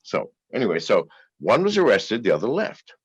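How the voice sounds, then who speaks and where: A man with a very deep voice tells stories in a casual interview, swearing freely and laughing between lines. His voice swings widely in pitch and sounds husky. The recording is dull and dry. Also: huge pitch swings, normal speed, no echo. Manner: profane, laughing anecdotal storyteller.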